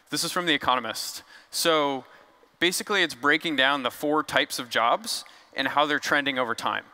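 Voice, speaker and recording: Bright-voiced man giving a casual keynote. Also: medium pitch, clean tone, big-room sound. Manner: casual, joking, conversational with fillers. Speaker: conference speaker. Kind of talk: conference keynote talk. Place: large conference hall.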